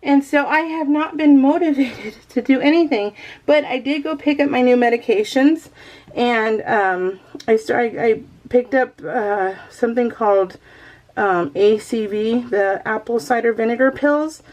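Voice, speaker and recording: A woman's voice: on the high side, a little slow, darkish tone. A woman vlogging at home in a casual, rambling chat, often breaking into laughter. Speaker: crafting vlogger.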